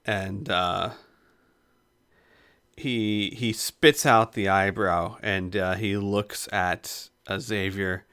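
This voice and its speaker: A man running a tabletop game, narrating slowly with many pauses and fillers. His tone is bright and his pitch sits in the middle. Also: steady tone, clear, resonant tone. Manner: hesitant, full of fillers. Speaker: game master.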